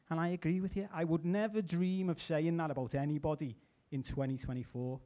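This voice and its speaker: A middle-aged man performing a stand-up comedy set, chatty with deadpan asides and small restarts. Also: a little high, brisk. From England.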